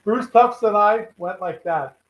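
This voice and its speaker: A man's voice: high-pitched, unhurried, echoey room, a crowd in the background, rough recording. A man, a regular guest on a live fishing show, telling rambling anecdotes full of quoted dialogue. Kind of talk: casual storytelling chat.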